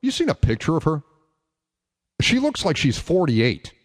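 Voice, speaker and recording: A man with a voice on the high side and wildly swooping pitch talks at normal speed, trailed by long reverb. He hosts a call-in talk radio show, delivering emphatic opinions and rhetorical questions.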